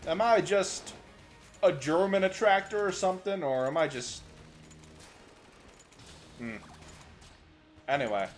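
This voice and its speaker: Lively young male gaming streamer. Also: high voice, slow pace, long pauses, faint music behind. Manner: chatty, answers chat while playing, sudden excited outbursts. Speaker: VTuber streamer. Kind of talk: gaming livestream commentary.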